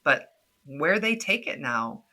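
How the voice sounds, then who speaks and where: A woman's voice: deep voice, big pitch swings, takes it slowly, sharp tone. A middle-aged woman speaking as a podcast guest in casual conversation, laughing often and acting out quoted voices.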